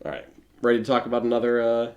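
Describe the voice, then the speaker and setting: A man's voice: mid-range voice, completely flat delivery, very fast, a little mellow, highs cut off. A man co-hosting a casual tabletop hobby discussion, talking in a playful, jokey way. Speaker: co-host.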